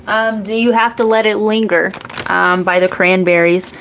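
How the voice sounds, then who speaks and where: A woman in her forties gives a casual psychic reading in a rambling, off-the-cuff way. She is blunt and swears freely, and she laughs often between thoughts. Her voice sits at an ordinary middle pitch. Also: steady tone, a little slow, vocal fry, hardly any pauses, fairly bright tone, slight background noise, rough recording. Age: 40s. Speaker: psychic channel host.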